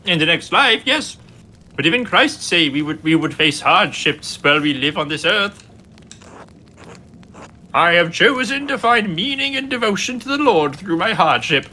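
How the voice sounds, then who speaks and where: A devout elderly nun, as a man puts her on, her voice pitched high and bright with wide swoops. She speaks earnestly, like a small sermon. It comes from a game read aloud on stream. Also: very animated, moderate pace, a little hiss or hum, heavily acted. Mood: pious. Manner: earnest, preachy.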